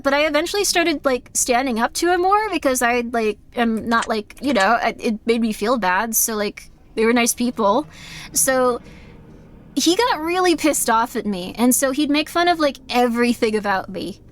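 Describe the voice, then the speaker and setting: A young woman streamer with a fairly high voice rambles candidly through her thoughts on a live game stream. She apologizes often and scatters "like" through nearly every sentence. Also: expressive, moderate pace. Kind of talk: casual live-stream chat.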